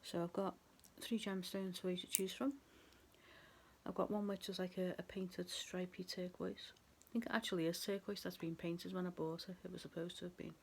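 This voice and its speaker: A woman's voice: on the low side, flat delivery, moderate pace, slight background noise. A woman doing a casual tarot reading to camera, chatty and rambling. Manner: chatty and rambling, laughs at herself. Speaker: tarot reader.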